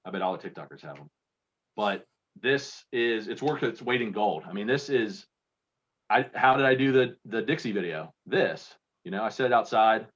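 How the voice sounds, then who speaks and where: A man from Kentucky talking in a fairly low voice, telling loose, self-deprecating stories as an interview guest. His sound is dull and lo-fi, as over a video call. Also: lively intonation, normal speed, fairly bright tone. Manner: rambling, self-deprecating storyteller. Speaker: guest contest entrant. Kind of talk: casual interview chat.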